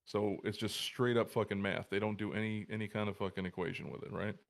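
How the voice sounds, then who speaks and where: A man's voice: fairly low pitch, fairly even intonation, fast talker, vocal fry. A man co-hosting a live podcast over a video call, talking casually and bluntly, swearing freely and stammering as he starts his points. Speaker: paramedic podcast co-host.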